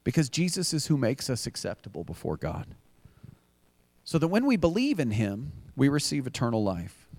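A man's voice: medium pitch, huge pitch swings, moderate pace, darkish tone, dry recording. A man preaching a sermon as pastor, earnest and building to emphatic repeated refrains. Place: church.

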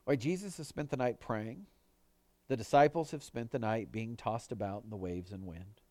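A male pastor preaching a sermon in an earnest manner, pushing his voice up for emphasis and dropping it low on quoted words. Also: moderate pace, darkish tone, dry recording.

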